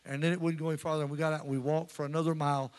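A man, preaching a sermon and telling stories in a folksy way that rises to shouting. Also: on the high side, little pitch movement, racing. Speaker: pastor. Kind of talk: sermon with storytelling.

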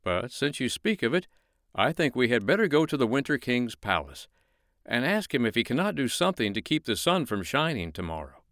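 A man's voice: mid-range voice, big pitch swings, a little fast, fairly bright tone, no room sound, clean studio sound, voice pushed up. A man voicing a fretful, chatty male snowman in a bedtime story, fussy and exclaiming. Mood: anxious.

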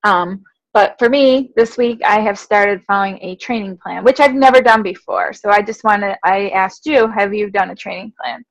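A woman co-hosting a running podcast in casual chat, self-deprecating and quick to laugh. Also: medium pitch, dry recording, poor audio. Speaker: podcast co-host.

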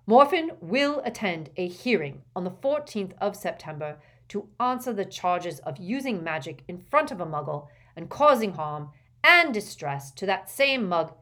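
A woman's voice: mid-range voice, big pitch swings, a little slow, fairly bright tone, voice pushed up. A woman puts on a stiff middle-aged official who speaks firmly and formally. He sounds officious and clipped, delivered in an audiobook reading. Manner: firm, formal.

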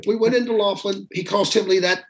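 A man with a notably high speaking voice tells his story as a guest. He acts out the lines of the people in it and jokes at his own expense. The talk is casual and lively. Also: a little fast. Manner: animated anecdotes with quoted dialogue and self-deprecating humor. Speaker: guest singer. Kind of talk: storytelling conversation.

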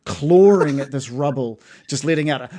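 A man's voice: on the high side, warm tone. A man narrating as game master of a tabletop game, hesitant, with many fillers and restarts.

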